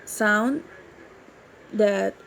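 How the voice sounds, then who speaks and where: A woman's voice: medium pitch, drawn-out words, gravelly, fairly bright tone, a little hiss or hum, poor audio. A woman giving a class presentation on teaching, in a hesitant way and repeating words as she goes.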